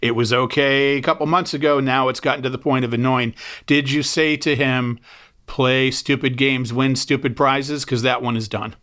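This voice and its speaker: Joking male podcast host, bright voice. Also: mid-range voice, fairly even intonation, brisk. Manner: joking, self-mocking. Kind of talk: casual chat. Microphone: studio microphone.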